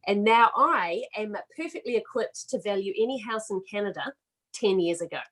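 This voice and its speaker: A middle-aged woman from Australia doing a self-mocking, animated stand-up set over a video call. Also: mid-range voice, normal speed, rough recording. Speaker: comedian.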